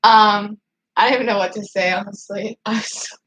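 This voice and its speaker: A woman's voice: medium pitch, fairly even intonation, moderate pace, a bit bright, low-quality recording. A woman on a casual livestream, rambling and emotional, still upset after crying, with nervous laughs and many fillers while she answers her chat. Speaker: livestreaming vlogger.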